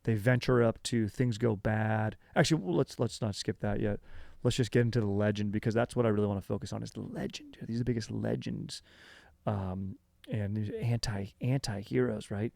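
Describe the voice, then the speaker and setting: A man hosting a comedy history podcast in a loose, rambling way, full of fillers and casual slang. His voice sits on the low side with a gravelly fry, and it sounds dry and close to the mic. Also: brisk, a little mellow, no echo.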